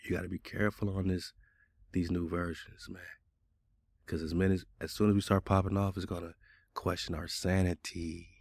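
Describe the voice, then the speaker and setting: A man with a very low, gravelly voice, hosting a casual radio talk. He speaks in a loose, colloquial way and argues back insistently. The sound is close and dry, with no room echo. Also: little pitch movement, moderate pace, a little mellow. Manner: argumentative, colloquial, talks back at a chatbot. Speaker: radio show host.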